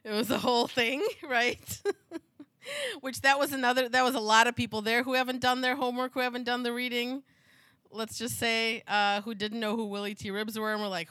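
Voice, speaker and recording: A woman's voice: medium pitch, steady tone, fairly quick, pushed and bright, clear, resonant tone, no echo. A woman hosting a podcast in casual, rambling chat, laughing often. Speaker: podcast host.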